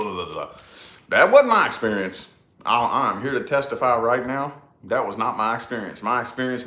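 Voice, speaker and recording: A man's voice: medium pitch, a bit bright, roomy sound. A man casually telling a personal story in a rambling, emphatic way, with lots of swearing and repeated phrases. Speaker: podcast co-host.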